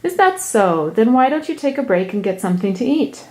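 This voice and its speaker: A woman voicing a calm kind farmer father. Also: on the high side, a little fast, voice pushed up, low-quality recording. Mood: gentle.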